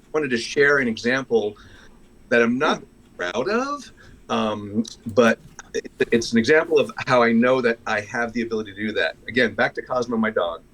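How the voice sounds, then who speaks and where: A man in a community group, sharing a personal story in a candid, self-deprecating way, often halting and restarting. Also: medium pitch, lively intonation, a bit bright, rough recording. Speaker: congregation member sharing a story.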